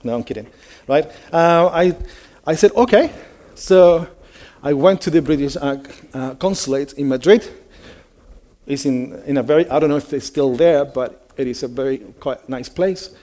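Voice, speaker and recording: Chatty preacher man, mellow voice. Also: fairly high pitch, normal speed. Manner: conversational storytelling, many fillers, asks the audience questions. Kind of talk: sermon.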